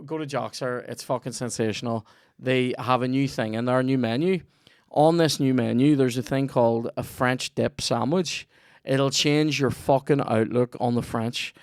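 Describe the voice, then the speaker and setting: A man's voice: mid-range voice, smooth, no room sound, studio quality. A man with a Northern Irish accent hosting a comedy podcast, rambling through a sweary, jokey ad read.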